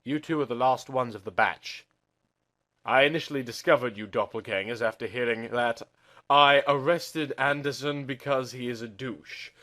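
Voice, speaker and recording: A man voicing a smug know-it-all male detective who lectures in a loud, condescending way. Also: medium pitch, moderate pace, lightly acted. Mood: lecturing.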